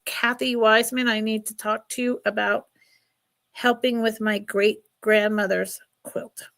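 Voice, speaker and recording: Woman host, middle-aged, higher voice, warm chatty live-sale patter. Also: flat delivery, unhurried, creaky. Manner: chatty, laughing, emotional. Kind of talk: casual live stream selling.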